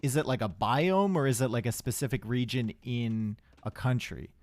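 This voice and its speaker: A man's voice: medium pitch, normal speed, darkish tone. A young man casting a live strategy game match, chatty and rambling, with asides to his chat. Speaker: esports caster.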